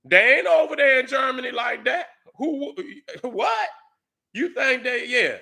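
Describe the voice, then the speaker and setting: Middle aged guy ranting hard at commenters, cussing, high pitched and sharp. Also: lively intonation, unhurried, vocal fry. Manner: angry, profane, shouting at commenters. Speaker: YouTube commentator. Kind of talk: heated commentary to viewers.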